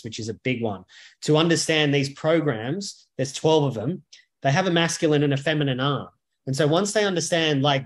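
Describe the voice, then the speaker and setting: A man, speaking as a men's coach and podcast guest, talking bluntly and emphatically with frequent swearing. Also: a little high. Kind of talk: podcast interview conversation.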